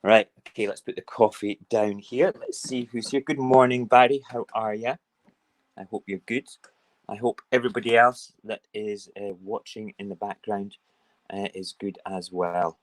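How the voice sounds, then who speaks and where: Chatty low-voiced man streaming from home. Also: steady tone, moderate pace, poor audio. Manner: chatty, rambling and playful. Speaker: live stream host. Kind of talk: casual morning live stream chat. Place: home kitchen. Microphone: phone.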